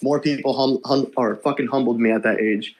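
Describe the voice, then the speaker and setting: A man streaming and chatting on a voice call, telling stories in a loose, profane, animated way. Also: mid-range voice, a little fast, a little hiss or hum. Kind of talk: casual chat.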